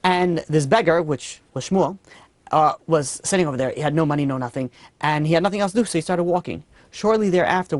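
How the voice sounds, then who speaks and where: A man, a rabbi, giving a storytelling sermon in an earnest, animated way, often saying "you know". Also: fairly high pitch, no echo.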